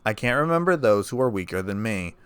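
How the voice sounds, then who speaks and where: A man's voice: lowish voice, lively intonation, brisk, a bit bright, clean tone, no echo. A man voicing a laid-back young human man who talks in a dry, sarcastic way.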